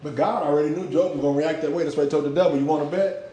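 A man preaching a sermon with passion, using street slang, swinging between loud shouts and low hushed lines. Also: fairly even intonation, very fast, roomy sound. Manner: uses street slang for emphasis.

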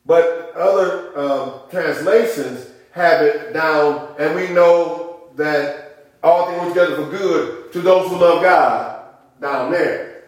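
A middle-aged man preaching a sermon as pastor, emphatic and calling out amens, rising at times to shouts. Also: on the high side, slow pace. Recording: echoey room.

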